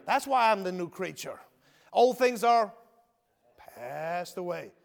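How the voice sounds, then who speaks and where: A high-pitched man preaches a sermon with his testimony, swinging from ringing shouts down to low near-whispers. He talks in a folksy way, calling listeners "brother" and "my friend." His voice rings out with a long reverb in a church hall. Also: lively intonation, slow pace, creaky. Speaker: preacher, ex-convict prison minister.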